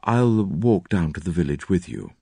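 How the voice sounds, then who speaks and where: A reserved, impassive husband speaks low and measured, voiced by a male reader. His tone gives little away, and the sound is dry. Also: expressive, gravelly, mellow, slightly rough, no echo, full character voice. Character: cool, impassive middle-aged husband.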